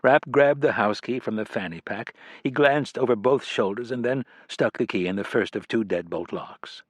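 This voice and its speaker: A man reading a thriller audiobook as scripted narration, in a measured, deliberate manner. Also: mid-range voice, no room sound, studio quality.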